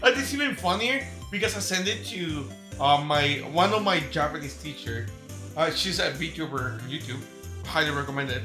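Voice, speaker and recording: Animated Mexican man streamer, echoey room. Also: a little high, normal speed. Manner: laughing, tangent-prone, swears freely. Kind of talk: casual live-stream chat. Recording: echoey room with game music.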